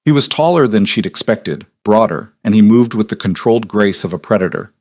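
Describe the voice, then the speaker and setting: Male narrator, measured dramatic read, low pitch. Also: expressive, a little mellow, dry recording. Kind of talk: scripted story narration.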